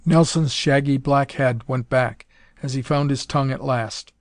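A man narrates an adventure story in a measured, even way at a middle pitch. His reading is steady and unhurried. The recording is dry, with no room sound. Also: no room sound. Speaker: audiobook narrator. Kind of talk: scripted narration.

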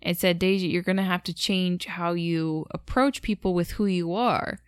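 An American woman co-hosting a podcast, talkative and quick to laugh, with lots of "like". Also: on the low side, steady tone, smooth, no room sound, studio quality. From United States. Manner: talkative, uses 'like' a lot, laughs easily. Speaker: podcast co-host. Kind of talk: casual chat.

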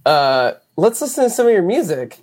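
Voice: medium pitch, sing-song, normal speed, darkish tone. Laid-back American podcast host. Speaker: podcast host, band member. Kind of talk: casual podcast chat.

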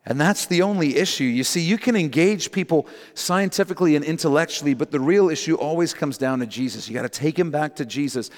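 Emphatic preacher in a reverberant hall. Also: male voice, on the high side, brisk, hardly any pauses. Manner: emphatic, repeats key phrases, direct exhortation. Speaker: pastor. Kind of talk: sermon. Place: church sanctuary. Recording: long reverb in a large hall.

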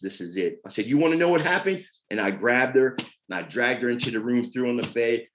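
A man's voice: fairly low pitch, poor audio. A man, a podcast guest telling his addiction recovery story in a rambling, emotional way. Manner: emotional, rambling, many "you know what I mean".

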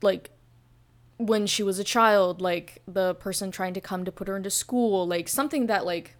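A woman's voice: mid-range voice, normal speed. A young woman guest on a casual book podcast, rambling and blunt, with constant "like" fillers. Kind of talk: casual book review chat.

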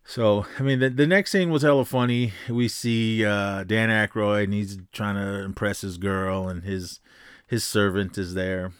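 A man's voice: fairly low pitch, fairly even intonation, unhurried, clean tone, dry recording, studio quality. A man hosting a podcast, casually retelling a movie in a rambling way full of fillers and restarts. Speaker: podcast host.

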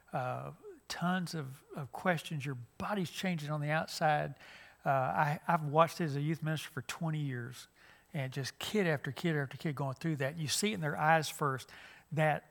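A man's voice: fairly high pitch, creaky, fairly bright tone. A middle-aged man, a youth minister giving a conversational church lesson with many fillers and restarts.

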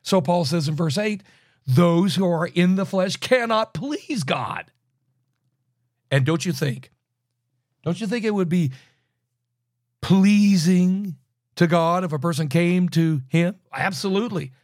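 A man teaching through a Bible book verse by verse, emphatic, with loud bursts and low asides. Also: animated, takes it slowly, long pauses, dry recording, clean studio sound.

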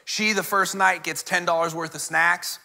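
A man's voice: high-pitched, fairly even intonation, normal speed, pushed and bright. A man in his forties, a pastor, preaching a sermon with a personal family story, acting out the dialogue and speaking straight to the congregation. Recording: reverberant hall.

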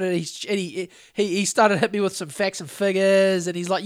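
A man's voice: high-pitched, fairly even intonation, fast, hardly any pauses, no room sound, studio quality. A man with a New Zealand accent, co-hosting a podcast and telling a long, rambling story in casual chat, with plenty of swearing. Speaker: podcast co-host.

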